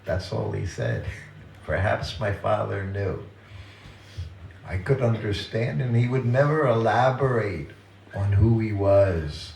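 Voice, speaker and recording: An older man giving a temple talk, reminiscing in a gentle, chuckling storytelling way. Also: on the low side, a little slow, creaky, far from the mic, a little hiss or hum. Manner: gentle, chuckling anecdotal delivery. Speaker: guest speaker at a temple. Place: temple hall. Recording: roomy temple hall with faint ambience.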